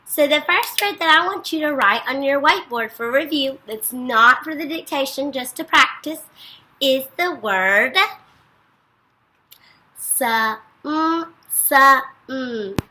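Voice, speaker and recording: Encouraging high-voiced woman teaching young children. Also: expressive, sharp tone, low-quality recording. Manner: slow, clear and encouraging, praising often. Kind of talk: recorded phonics lesson for young children.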